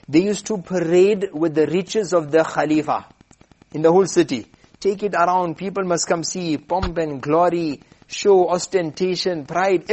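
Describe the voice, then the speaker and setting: A man preaching, telling a story in an animated way and acting out the characters. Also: on the high side. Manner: animated storyteller, acts out voices. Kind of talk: sermon storytelling.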